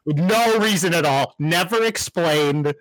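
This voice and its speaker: A man's voice: measured pace, no room sound, poor audio. A man co-hosting a casual TV recap podcast, laughing often and teasing his co-host. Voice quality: animated, laughs often, swoops high when laughing.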